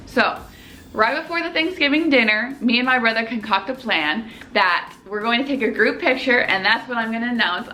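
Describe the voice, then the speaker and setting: A young woman in her twenties, a medical student telling a story to the camera in a casual vlog, animated and excitable. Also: fairly high pitch, brisk, soft background music. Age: 20s.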